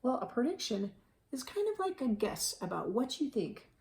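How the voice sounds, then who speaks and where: A woman teacher reading a picture book aloud to children, animated, gasping and asking them questions. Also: a little high, moderate pace, gravelly, slight background noise.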